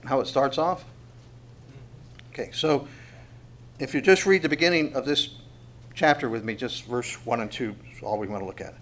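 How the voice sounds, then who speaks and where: A middle-aged man leads a Bible study in a relaxed, conversational way. His voice sits at an ordinary middle pitch, and he keeps asking the listeners questions and punches the words he wants to stress. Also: moderate pace, long pauses. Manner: conversational, asks rhetorical questions, dynamic emphasis. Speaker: Bible teacher. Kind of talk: expository Bible teaching.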